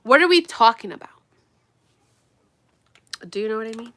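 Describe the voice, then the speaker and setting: A young woman vlogging while getting ready, talking bluntly and with lots of swearing, swinging between loud outbursts and low mutters. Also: moderate pace. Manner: animated, blunt and profane, drops to mutters. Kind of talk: casual get-ready-with-me rant.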